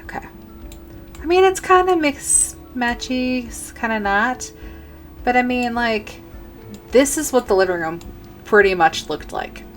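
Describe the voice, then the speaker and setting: A woman's voice: fairly high pitch, expressive, measured pace, long pauses, faint music behind. A woman giving casual commentary while building in a life-sim game, rambling and correcting herself as she thinks aloud. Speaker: gaming video creator.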